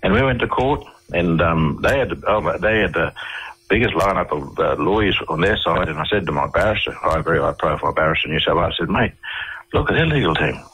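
A man's voice: sits low, animated, quick pace, a bit bright, breathy edge, rough recording. A middle-aged Australian man, a radio interview guest, telling stories in a rambling way full of restarts and fillers.

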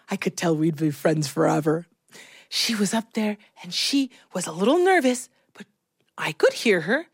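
A woman from Chicago telling a personal childhood story in an expressive, animated way. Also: mid-range voice, moderate pace, husky, no room sound, studio quality. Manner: expressive, animated, acts out voices.

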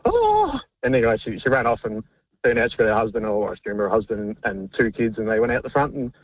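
Fast-talking man calling in. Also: fairly low pitch, steady tone, lo-fi sound. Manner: rambling storyteller, amused. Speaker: caller. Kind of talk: casual phone call to radio show.

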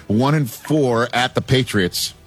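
A man's voice: medium pitch, animated, slow pace, slightly rough, soft background music. A man hosting a sports talk radio show, trading brash, teasing banter with callers. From New York area.

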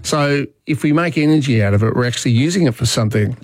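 A man's voice: medium pitch, expressive, fast talker, dry recording, faint music behind. A man with an Australian accent hosting talkback radio, chatting in a conversational way and thinking aloud with fillers.

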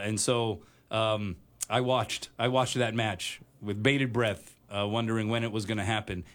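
A man co-hosting a radio talk show, chatting loosely with plenty of fillers and easy laughter. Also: mid-range voice. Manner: chatty, rambling with many fillers, laughs easily. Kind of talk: casual on-air banter.

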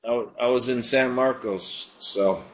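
A man's voice: medium pitch, unhurried. Man, radio prayer host, casual and conversational, lots of ums and uhs. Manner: prays and preaches in a relaxed, conversational way with frequent fillers. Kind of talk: live call-in prayer show.

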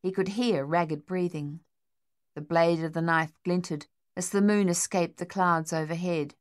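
A woman reading a war novel as audiobook narration, measured and tense. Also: on the low side, fairly even intonation.

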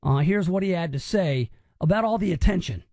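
A man's voice: high-pitched, expressive, a little fast, vocal fry, a little mellow, no echo, clean studio sound. A man hosting a radio talk show, mocking and incredulous as he picks apart news clips.

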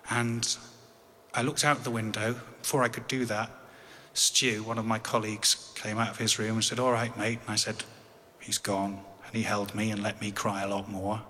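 An English man tells a personal story with wry, dry humor, and his voice sounds bright and forward. The recording carries a long reverb over faint ambient noise. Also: on the low side, little pitch movement, normal speed. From England.

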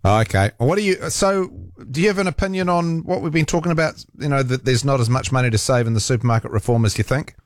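A man's voice: medium pitch, fast talker, few pauses, no echo, studio quality. A man with a New Zealand accent hosting talkback radio, chatting casually with lots of fillers and restarts. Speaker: radio talk show host. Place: radio studio.

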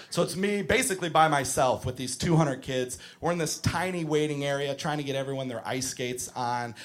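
High-voiced exasperated male comic. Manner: exasperated, shouting punchlines. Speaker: stand-up comedian, camp counselor. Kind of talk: stand-up comedy. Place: comedy club stage. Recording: live club set with crowd laughter. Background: audience laughing.

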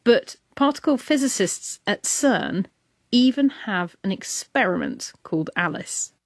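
A woman's voice: mid-range voice, lively intonation, a little slow, no echo, clean studio sound. Playful woman presenting a science show. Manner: playful, enthusiastic, jokey asides. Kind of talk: lively scripted presenting.

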